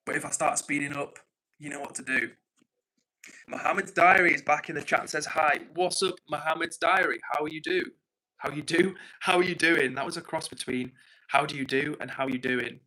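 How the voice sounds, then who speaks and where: An English man hosting a livestream from home, chatting casually and reading out comments in an excitable, quick way. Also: mid-range voice, poor audio. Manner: excitable, fast-talking. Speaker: livestream host.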